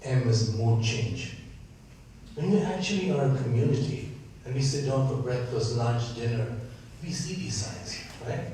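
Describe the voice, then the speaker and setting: A man's voice: mid-range voice, unhurried, warm tone, slight background noise. A man with an Indian accent moderating a panel discussion, earnest and often checking in with "right?". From San Diego. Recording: echoey room, from far off.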